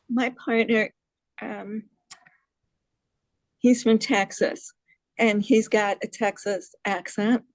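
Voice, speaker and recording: A woman's voice: on the high side, fairly even intonation, takes it slowly, pauses often, dry recording, poor audio. New york lady giving a talk, chatty, asks the room stuff, pretty dry sound. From New York City. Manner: chatty, asks the audience questions, laughs at herself. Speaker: presenter on hearing loss advocacy. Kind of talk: casual presentation to a group.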